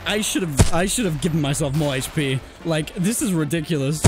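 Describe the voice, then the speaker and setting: Guy streaming a vr shooter, slightly high voice, all over the place when he gets shot, out of breath, game music blasting behind. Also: fairly quick. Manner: excitable, yelps and swears when hit. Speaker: gaming YouTuber. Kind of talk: live gameplay commentary.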